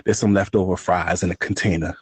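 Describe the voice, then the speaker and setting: A man's voice: quick pace, husky, no echo. A man co-hosting a casual podcast, trading crude jokes and breaking into laughter as he teases. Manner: laughing, teasing, lively swings in pitch. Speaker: podcast co-host.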